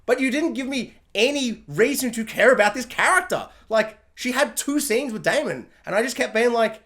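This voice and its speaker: A woman giving a casual, joking spoiler review of a TV episode, animated and quick to act out characters in little voices. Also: fairly high pitch.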